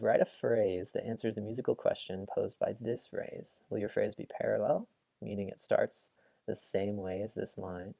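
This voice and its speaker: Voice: medium pitch, creaky, warm tone, no echo. A music teacher explaining melodies and cadences, breaking into sung solfege syllables to demonstrate. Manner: explains patiently, then sings solfege syllables aloud. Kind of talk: classroom lesson with sung solfege.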